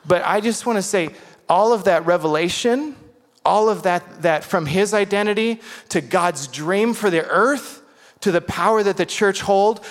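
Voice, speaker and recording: A man preaching a sermon in an earnest, conversational way, often checking in with "right?" and "okay?". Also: high-pitched. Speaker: pastor. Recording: long hall reverb.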